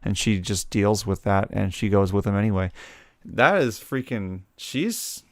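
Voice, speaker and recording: Low-voiced man reading game text aloud. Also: expressive, measured pace, no echo, studio quality. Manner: reads game text aloud with playful voices, laughs often. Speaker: let's play streamer. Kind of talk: casual game commentary, reading dialogue aloud. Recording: faint game music behind.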